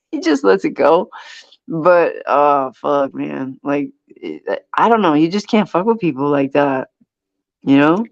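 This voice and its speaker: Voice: mid-range voice, measured pace, vocal fry, no room sound. Laid-back host with lo-fi dry sound. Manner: animated storyteller who acts out quoted voices; laughs often. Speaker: podcast host. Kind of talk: casual chat.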